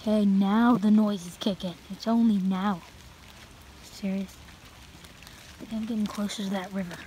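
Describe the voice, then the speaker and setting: A woman's voice: mid-range voice, steady tone, normal speed, warm tone, low-quality recording. A jumpy woman walks a wooded trail and talks into the phone in her hand. Her voice sits in a middle register, and she swears often and mutters half under her breath. A faint hiss of outdoor noise runs behind her. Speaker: vlogger. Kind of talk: nervous solo walking vlog. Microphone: phone held in hand.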